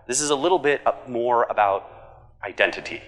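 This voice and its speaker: A man giving a conference keynote, talking in an animated, conversational way and tossing in jokey asides. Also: medium pitch, a little fast, long reverb tail. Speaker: conference speaker. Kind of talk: keynote presentation. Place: large conference hall.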